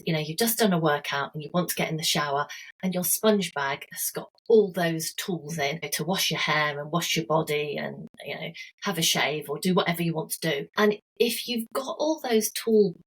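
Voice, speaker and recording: Lower-pitched woman, earnest storyteller. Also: slightly rough, rough recording. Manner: warm, earnest, storytelling with everyday examples. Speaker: holistic health coach guest. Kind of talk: conversational interview.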